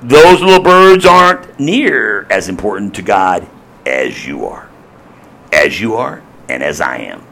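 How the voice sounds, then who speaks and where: A male pastor preaching a sermon, emphatic and repetitive, swinging between loud appeals and hushed asides. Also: lowish voice, very animated, measured pace, gravelly.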